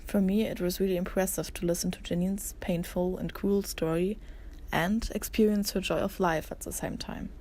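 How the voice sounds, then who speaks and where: A young woman narrating as a museum intern in a soft, earnest read. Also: on the low side, fairly even intonation, normal speed. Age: young adult. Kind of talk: scripted narration.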